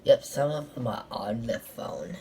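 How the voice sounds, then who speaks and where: Woman, short reactions, low voice, very slow, noisy background. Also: animated, gravelly. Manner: brief reactions.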